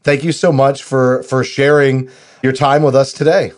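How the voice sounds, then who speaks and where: Male co-host, mid pitch, upbeat promo energy, conversational. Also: level tone, moderate pace. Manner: upbeat, promotional, many "you know" fillers. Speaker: podcast co-host. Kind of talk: podcast interview.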